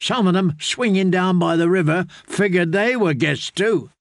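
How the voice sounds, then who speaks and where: Blunt rough-spoken outlaw girl, lifted pitch, gravelly, as a man voices her, dry close audiobook recording. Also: moderate pace, no echo. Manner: blunt, rough country grammar. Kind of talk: audiobook character voice.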